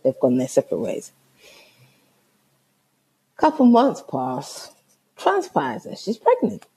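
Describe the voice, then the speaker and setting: A woman telling a comic story in a casual, animated, exasperated way, swearing freely. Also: mid-range voice, slow pace, vocal fry, breathy edge.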